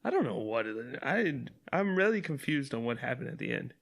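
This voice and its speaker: A man's voice: medium pitch, big pitch swings, fairly quick, vocal fry, a bit bright. A man co-hosting a casual movie podcast, laid-back and chuckling, with profane asides. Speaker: podcast co-host. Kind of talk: casual movie review chat.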